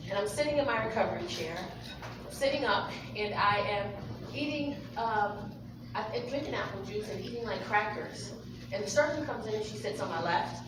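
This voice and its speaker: A woman doing stand-up on a comedy club stage, loud and profane, shifting from hushed to shouting. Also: mid-range voice. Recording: echoey club from far off, loud crowd and noise.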